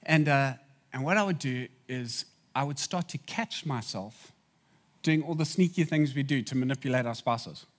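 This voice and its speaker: A man's voice: mid-range voice, moderate pace. A man preaching a sermon in a conversational way, making asides to the audience.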